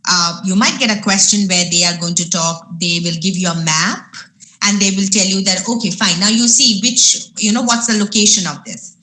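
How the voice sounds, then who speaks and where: A woman's voice: medium pitch, moderate pace, bright, forceful tone. A woman from India giving a live webinar lesson as an exam trainer, explaining step by step and asking herself rhetorical questions. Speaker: IELTS trainer.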